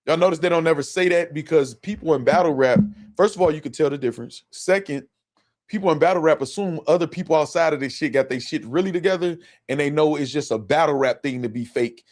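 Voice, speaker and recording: Fast and fairly high in pitch, a male livestream host fires off casual commentary laced with profanity while reacting to clips. He's animated, repeats himself a lot, and talks over the clips as they play.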